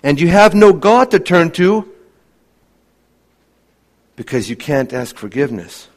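An earnest male preacher delivering a sermon, with a voice set a little higher than most men's. He keeps asking the congregation rhetorical questions and sinks to a hush to drive points home. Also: very animated, unhurried. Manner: earnest, many rhetorical questions, drops to a hushed voice for emphasis.

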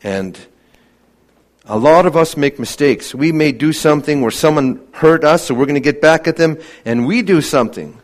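Earnest preacher with a raised voice. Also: male voice, a little high, moderate pace. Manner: earnest, many rhetorical questions, drops to a hushed voice for emphasis. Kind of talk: sermon.

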